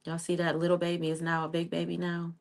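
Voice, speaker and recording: Low-voiced chatty woman livestreaming. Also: monotone, fast, creaky. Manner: chatty, talks to viewers, says "child" and "honey". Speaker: livestream host. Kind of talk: casual livestream chat.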